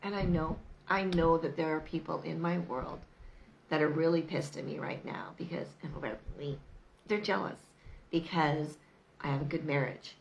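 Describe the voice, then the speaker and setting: A middle-aged woman gives a chatty motivational talk straight to camera, leaning hard on repeated phrases. Her voice sits a little low and carries a gravelly fry. There is a faint hiss of noise behind her. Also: normal speed, highs cut off. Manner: emphatic, repetitive, chatty with laughs. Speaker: vlogger.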